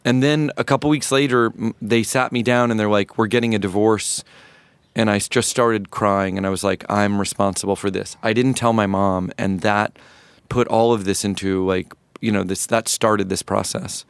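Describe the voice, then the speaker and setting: Man in his fifties, low voice, dry close sound; candid, halting interview storyteller. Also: steady tone, clear, resonant tone, no room sound. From rural North Florida, USA. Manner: reflective, halting, many restarts and fillers. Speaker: musician guest.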